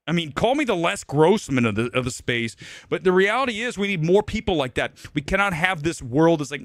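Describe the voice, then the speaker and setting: A man's voice: sits high, lively intonation, fairly quick, no room sound, studio quality. A man hosting a live movie-talk stream, ranting bluntly and combatively with profanity and emphatic repetition. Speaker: live show host. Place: Los Angeles.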